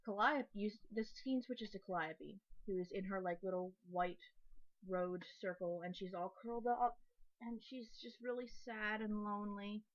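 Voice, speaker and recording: A woman's voice: mid-range voice, moderate pace, dull audio. A young woman casually recapping comic updates in a chatty, enthusiastic way, with lots of fillers and restarts.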